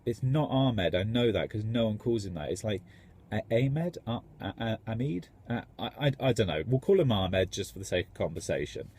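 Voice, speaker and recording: A man's voice: lowish voice, lively intonation, fairly quick, darkish tone, slightly rough. A man, a tradesman, rambling enthusiastically in a casual vlog. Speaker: tradesman contractor.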